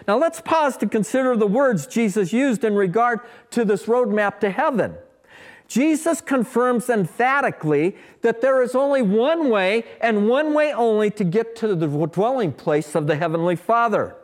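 A man's voice: very high voice, expressive, a little slow. A man pastor preaching a sermon in a folksy, emphatic way with humorous asides, speaking from a church sanctuary.

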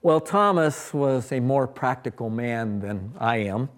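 A man's voice: mid-range voice, animated, measured pace. A man pastor preaching a sermon in a folksy, emphatic way with humorous asides, speaking from a church sanctuary.

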